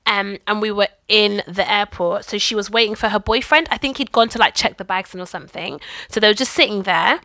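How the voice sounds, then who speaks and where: A young woman hosts a podcast, spinning a story in easy, chatty fashion and slipping into the voices of the people she quotes. Her voice is bright and forceful, and the sound is dry and close. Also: mid-range voice, fairly quick, no echo. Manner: animated, acts out quoted people. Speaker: podcast host. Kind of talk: casual storytelling chat.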